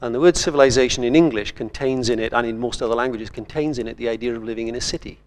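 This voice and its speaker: A man's voice: mid-range voice, rapid-fire. An older man from Wales, a writer speaking on a conference panel in a thoughtful, digressive way.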